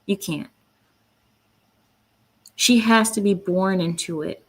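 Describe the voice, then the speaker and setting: On her own commentary channel, a woman with a medium-pitched, slightly rough voice speaks slowly and offers blunt, indignant opinions. She often breaks off to read quotes aloud.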